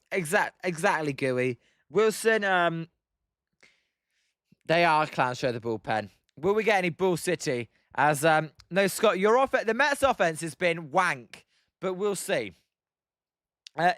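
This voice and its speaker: A man's voice: sits high, a bit bright, smooth, dry recording, studio quality. A young English man giving casual live reaction commentary on a baseball game as a stream host, chatting and answering viewer comments with frequent fillers. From England. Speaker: livestream host watching baseball.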